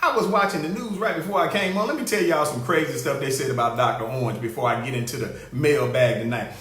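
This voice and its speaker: A man hosting a comic live show, animated and laughing as he greets viewers by name. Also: mid-range voice, quick pace. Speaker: show host. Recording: roomy echo.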